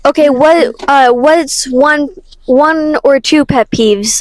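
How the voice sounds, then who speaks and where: Giggly high-voiced teenage girl. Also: slow pace, dry recording, low-quality recording. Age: teens. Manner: giggly, rambling, self-correcting. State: tired and foggy. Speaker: podcast host. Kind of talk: casual podcast chat.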